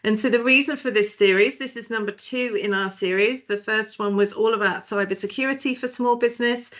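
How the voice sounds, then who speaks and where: A woman's voice: fairly high pitch, steady tone, fairly quick, fairly bright tone. A woman from Britain hosting a webinar as director of a small firm, chatty and jokey with many hesitations, heard over a video call.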